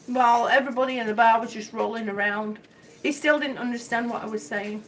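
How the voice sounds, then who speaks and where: A woman's voice: on the high side, fairly even intonation, a little fast, a bit bright, distant mic, slight background noise, low-quality recording. An older woman from Miami with an accent mixed from the South and the Midwest, chatting casually and telling a rambling story full of restarts. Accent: mixed American Southern and Midwestern. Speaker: vlogger. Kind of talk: casual chat.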